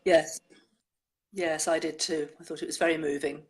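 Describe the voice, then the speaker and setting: Low-voiced woman reading poems aloud. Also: little pitch movement. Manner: measured poetry reading with chatty asides. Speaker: co-presenter reading listeners' poems.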